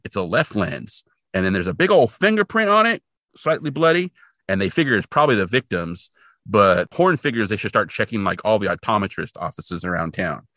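A man's voice: sits low, no echo. A man co-hosting a podcast, casually retelling a TV episode with lots of "like" and acted-out quotes. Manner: animated, filler-heavy retelling with voiced quotes. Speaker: podcast co-host. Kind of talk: casual recap chat.

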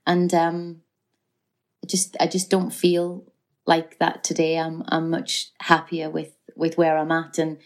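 A middle-aged woman with a Geordie accent chats easily in a relaxed interview. Her voice sits a little low, and her talk runs loose, with fillers and self-corrections. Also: a little slow. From North East England. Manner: chatty, frequent fillers and restarts. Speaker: actress guest. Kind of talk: casual chat.

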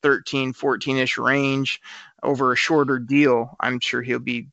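A man hosting a sports talk show, arguing his point quickly and stumbling over repeated words. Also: mid-range voice, level tone, creaky, pushed and bright, dry recording. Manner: argumentative, rapid, trips over repeated words. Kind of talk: casual sports radio chat. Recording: slightly dull lo-fi sound.

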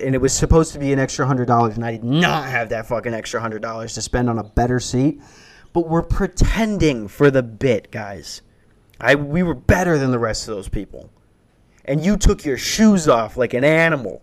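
A man's voice: medium pitch, animated, moderate pace. A man in his twenties telling a rambling, profane stand-up story that builds into a worked-up rant. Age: 20s. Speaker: stand-up comedian.

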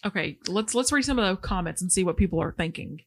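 A woman's voice: fairly low pitch, expressive, fast. A woman co-hosting a casual podcast, chatting and laughing often as she reads posts aloud. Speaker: podcast co-host.

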